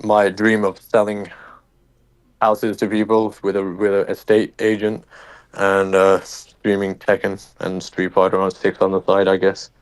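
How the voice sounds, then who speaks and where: A man's voice: sits low, monotone, a little slow, smooth. Profane ranting young man with Birmingham accent. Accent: Birmingham English. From England. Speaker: streamer, guest. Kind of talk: casual interview.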